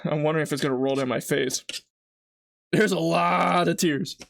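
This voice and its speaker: In a home kitchen, a streamer talks casually and wanders from topic to topic while cooking live, laughing at themself as an onion makes them teary. The voice is mid-range and creaky at a normal speed, captured in studio quality without echo.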